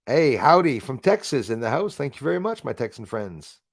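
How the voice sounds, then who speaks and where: A man's voice: mid-range voice, sing-song, moderate pace, vocal fry, no echo, studio quality. Chatty male livestream host. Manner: chatty, swears casually, greets viewers by name. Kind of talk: casual live stream chat.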